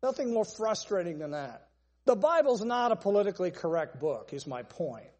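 A man's voice: high-pitched, sing-song, normal speed, a little mellow, big-room sound. A man preaching a sermon, stressing points through long repeated lists. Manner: emphatic, repetitive list-style preaching.

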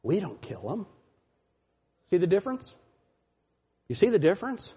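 A man preaching a sermon as pastor, mocking, jumping from loud laughing shouts down to low muttering. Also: wildly swooping pitch, moderate pace, slightly rough, highs cut off.

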